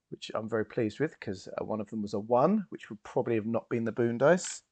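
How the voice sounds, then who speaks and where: A man's voice: mid-range voice, animated, moderate pace, background noise. A man playing a tabletop game, polite and thinking aloud about his moves. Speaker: player.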